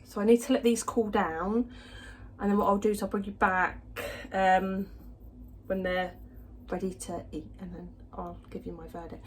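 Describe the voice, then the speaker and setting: A woman's voice: medium pitch, steady tone, moderate pace. Woman, casual vlog chat, self-deprecating, faint room noise. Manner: chatty, self-deprecating, giggly. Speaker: vlogger.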